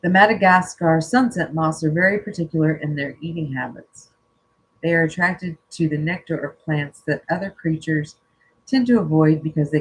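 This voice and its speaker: Husky-voiced spiritual coach reading slowly. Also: medium pitch, low-quality recording. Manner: slow, earnest reading broken by casual joking asides. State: teary-eyed. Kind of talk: reading an inspirational spiritual text aloud.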